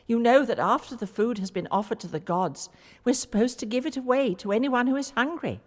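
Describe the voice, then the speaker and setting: A woman's voice: fairly high pitch, brisk, in a large hall, lightly acted. A woman voicing a worried, doubtful mother in a storybook reading. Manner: fretful.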